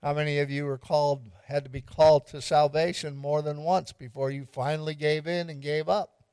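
A man's voice: on the high side, little pitch movement, moderate pace, darkish tone, clean tone, dry recording, clean studio sound. A man pastor giving an interactive evening sermon, quizzing the congregation and repeating lines for emphasis with light humor.

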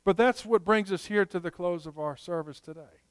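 A man preaching a sermon, telling stories in an earnest way and slowing down to stress key points. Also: high-pitched, clear, resonant tone, dry recording. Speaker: pastor.

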